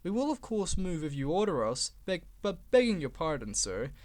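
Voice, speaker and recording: A man's voice: fairly high pitch, sing-song, moderate pace. Polite proud steam engine, formal, deferential, storybook, man doing it. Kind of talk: storybook reading.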